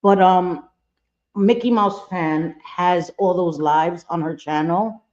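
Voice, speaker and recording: A woman hosting a livestream who rants in anger and circles back to the same phrases again and again. Her voice is mellow and dark, and the sound is dull and lo-fi. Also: on the low side, takes it slowly. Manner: angry, ranting, repeats herself. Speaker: livestream host. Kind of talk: casual livestream commentary.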